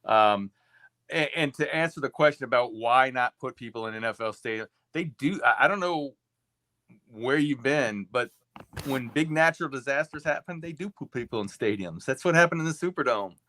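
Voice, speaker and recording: Bright-voiced man co-hosting a talk show. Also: medium pitch, lively intonation, moderate pace, no echo. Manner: hedging, explains with many restarts. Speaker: co-host.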